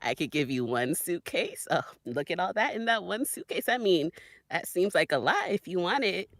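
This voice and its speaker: A woman's voice: lowish voice, animated, normal speed, no echo, clean studio sound. A woman voicing a brash, trash-talking woman agent who throws crude, mocking insults. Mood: coaxing.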